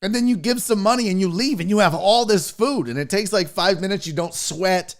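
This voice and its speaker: A man hosts his own sports podcast from home, rambling and swearing as he chats loosely with his live audience. He's animated and acts out silly voices, speaking a little fast in a high-pitched voice. The audio runs through a podcast mixer setup.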